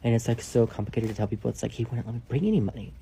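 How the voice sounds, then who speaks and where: A man telling a casual storytime, rambling and swearing, leaning on "like" and dropping into hushed asides. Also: medium pitch, very fast, vocal fry, slight background noise. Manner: rambling, profane, heavy use of "like"; drops to a hushed whisper for asides.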